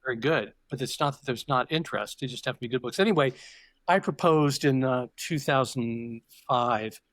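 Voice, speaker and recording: This older podcast guest reflects and digresses as he tells his stories, frequently starting sentences over. His mid-range voice is fairly bright and moves at normal speed, with no room sound.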